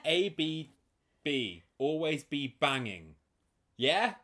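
A man co-hosting a podcast, animated and jokey, in casual banter with friends. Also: fairly high pitch, drawn-out words. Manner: animated, jokey, bursts into loud laughing outbursts. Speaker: podcast co-host.

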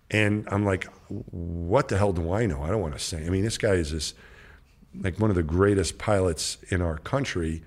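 Middle aged guy w a really deep voice, rambly storyteller doing everyone's lines. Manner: rambling anecdotal storyteller, acts out dialogue. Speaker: guest, former astronaut. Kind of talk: casual storytelling interview.

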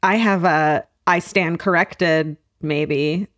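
A woman's voice: sits low, steady tone, takes it slowly, a bit bright. A woman with a Californian accent, co-hosting a podcast, joking and bantering with frequent laughs. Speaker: podcast co-host. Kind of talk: casual chat.

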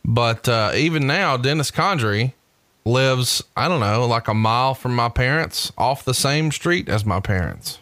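A man from Alabama hosting a podcast, telling stories in an animated, chatty way. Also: medium pitch, measured pace, no room sound. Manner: storytelling, animated, laughing asides. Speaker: podcast host. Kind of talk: casual chat.

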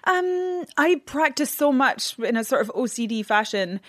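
A woman's voice: high voice, lively intonation, a little slow, a bit bright, no echo, clean studio sound. A woman in her thirties with a Scottish accent, chatting as an actress guest on a podcast, giggly and friendly. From Scotland. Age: 30s. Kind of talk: casual podcast chat.

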